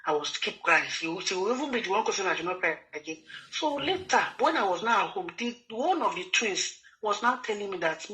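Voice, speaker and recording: A Nigerian man pours out his story at a quick clip, circling back over the same words as he pleads his case. His voice is bright and forward, and he keeps slipping into the voices of the people he quotes. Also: high voice, animated, low-quality recording. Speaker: guest telling his story. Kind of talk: emotional personal testimony.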